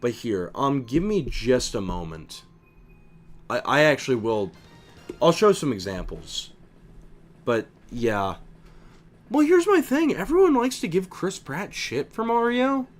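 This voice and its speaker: A young man streaming a video game, chatting casually in an animated, opinionated way, with lots of fillers and restarts. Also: mid-range voice, measured pace, pauses often, faint music behind. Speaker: streamer and voice impressionist. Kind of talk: casual chat while gaming.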